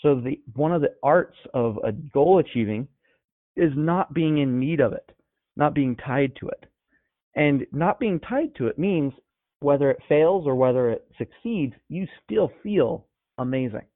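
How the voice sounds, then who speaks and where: A man's voice: fairly high pitch, lively intonation, a little slow, no room sound. Emphatic coaching man, tinny phone-like sound. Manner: emphatic, conversational, rhetorical questions. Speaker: business coach. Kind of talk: motivational coaching talk.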